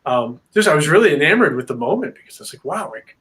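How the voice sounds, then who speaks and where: A man as a guest on a video-call interview, telling a story in a rambling, filler-heavy, animated way. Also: fairly high pitch, racing. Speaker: paranormal investigator guest.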